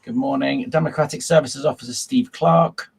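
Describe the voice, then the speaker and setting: A man's voice: medium pitch, steady tone, normal speed, gravelly, breathy edge. A man chairing a formal council meeting over a video call, working through procedure with frequent ums and uhs.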